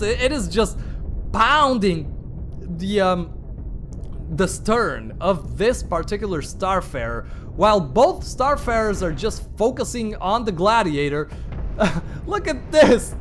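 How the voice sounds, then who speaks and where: A man's voice: high-pitched, a bit bright, a little hiss or hum. A man casting a game tournament with chatty play-by-play, wandering into playful asides and exclamations. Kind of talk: live play-by-play commentary.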